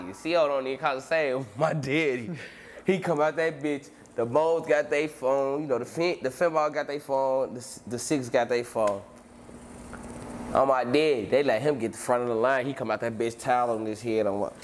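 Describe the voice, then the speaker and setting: A man telling a long story as an interview guest, in heavy street slang, acting out scenes with sudden shouts and voices. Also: medium pitch, moderate pace, a little hiss or hum. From Chicago. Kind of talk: animated storytelling.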